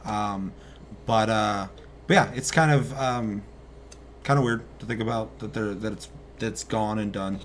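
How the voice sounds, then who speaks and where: A young man co-hosting a casual gaming news chat, loose and excitable, swearing casually. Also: lowish voice, measured pace, slight background noise. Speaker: co-host.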